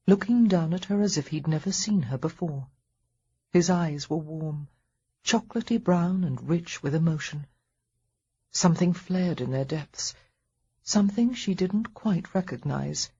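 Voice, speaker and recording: A woman narrates a historical romance audiobook in a soft, measured way, her voice very breathy and husky. She reads at a slow, unhurried pace, and the recording sounds somewhat dull. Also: on the low side, animated. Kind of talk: scripted narration.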